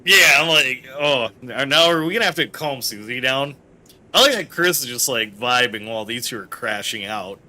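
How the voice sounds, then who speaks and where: A man streaming a game live, commenting excitedly, joking, and swearing freely. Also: medium pitch, moderate pace. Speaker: gaming streamer.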